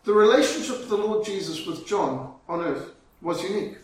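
A man preaching a sermon, telling a story dramatically and slowing down for emphasis. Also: high-pitched, animated. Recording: very echoey, from far off, faint ambience.

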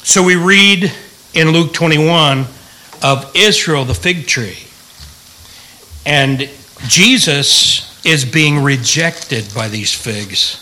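A man's voice: on the high side, drawn-out words, pushed and bright, low-quality recording. A middle-aged man, a pastor, teaching the Bible in a folksy, joking way and asking the room questions.

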